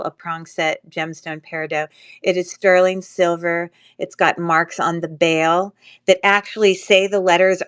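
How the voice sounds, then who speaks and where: A woman with a cold speaks through a stuffy nose, and her voice is smooth, clear and a little low. She runs a live jewelry auction in a casual, rambling way, full of ums and uhs. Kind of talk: casual live-stream selling chat.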